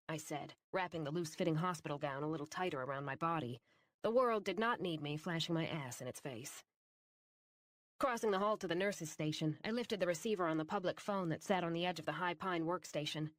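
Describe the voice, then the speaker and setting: A woman's voice: low voice, brisk, dry recording. Woman narrating an audiobook, dry sound. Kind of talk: first-person scripted narration.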